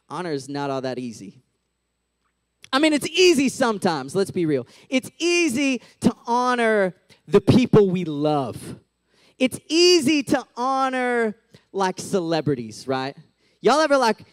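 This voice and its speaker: A man with a high, bright voice gives a relaxed, talkative sermon to young people. He speaks in an animated way and keeps tossing in "like" and "right?". The sound is dry and close, with no room echo. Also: a little slow, smooth. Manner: chatty, animated, full of "like" and "right?". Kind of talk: casual sermon.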